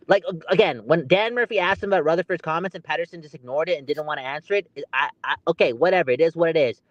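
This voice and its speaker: A man's voice: sits high, no echo. Ranting man on lo-fi audio. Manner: animated, ranting, exasperated. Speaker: podcast co-host. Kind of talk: heated casual podcast chat.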